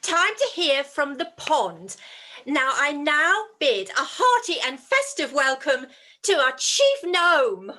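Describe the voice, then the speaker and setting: A brisk, bossy chairwoman, played by a woman in an amateur panto, moving the agenda along. She has a bright, high voice with lively pitch. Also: exaggerated voice.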